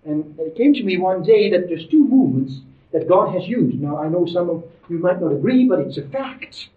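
High, animated male preacher, distant and roomy. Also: moderate pace. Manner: emphatic, conversational preaching with asides. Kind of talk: sermon. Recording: roomy, distant, dull lo-fi sermon recording.

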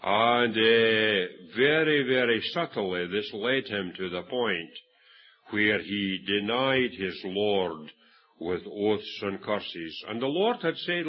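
Scottish preacher with a husky voice. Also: male voice, fairly low pitch, lively intonation, takes it slowly, dull audio. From Scotland. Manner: storytelling, acts out quoted voices, frequent restarts. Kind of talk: sermon.

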